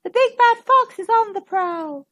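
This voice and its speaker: A woman voicing an alarmed owl who hoots out loud, shrill warnings in a children's storybook reading. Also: animated, unhurried, dull audio, exaggerated voice.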